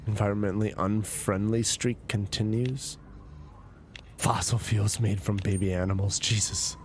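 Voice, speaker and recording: A man's voice: on the low side, fairly even intonation, normal speed, slight background noise. A drunk man streaming a story game, rambling, swearing and chatting with his viewers. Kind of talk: casual let's-play commentary.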